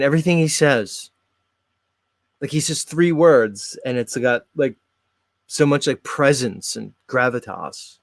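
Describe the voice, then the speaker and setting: A man's voice: medium pitch, unhurried, no echo. Chatty male host, dry close sound. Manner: chatty, rambling, talks straight to viewers. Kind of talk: casual commentary on videos.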